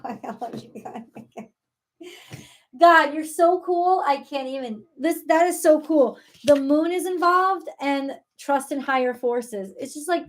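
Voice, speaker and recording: A woman with a high voice chats through a tarot reading, talking by turns to God and to her viewers. She is excitable and casual, with the odd swear word. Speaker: tarot reader. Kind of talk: live tarot reading chat.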